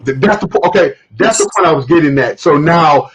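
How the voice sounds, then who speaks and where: A man hosting a live stream, telling stories in a casual, animated way and acting out quotes, with some swearing. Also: fairly high pitch, brisk, a crowd in the background, poor audio.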